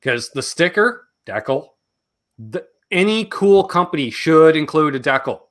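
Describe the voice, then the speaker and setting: A man's voice: fairly high pitch, big pitch swings, unhurried, a bit bright. A man hosting a casual livestream chat with a Canadian accent, loose and joking, swearing freely. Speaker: host.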